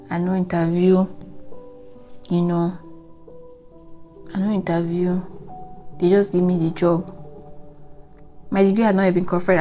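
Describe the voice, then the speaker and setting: Young nigerian woman rambling thru a life update, lowish voice, lots of you know, faint music behind. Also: a little mellow. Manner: earnest and reflective, speaking of faith. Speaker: vlogger. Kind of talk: casual life update monologue.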